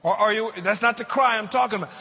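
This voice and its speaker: A man preaching a sermon, asking the congregation questions and slowing down to draw out scripture verses. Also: high voice, creaky, bright, forceful tone, in a large hall. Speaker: pastor.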